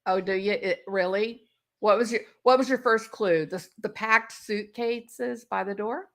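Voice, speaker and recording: A woman's voice: mid-range voice, measured pace, a bit bright. A woman YouTube commentator talking in a casual, sarcastic way and laughing often.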